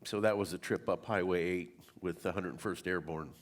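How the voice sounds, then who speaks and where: A man with a very deep voice asks interview questions. He speaks in a measured, plain way. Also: fairly even intonation.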